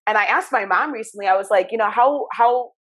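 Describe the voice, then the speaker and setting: A woman hosting a podcast, chatting casually and acting out stories with lively, expressive delivery. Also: medium pitch, racing. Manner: animated storyteller, acts out childhood voices. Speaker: podcast host. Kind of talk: casual conversation.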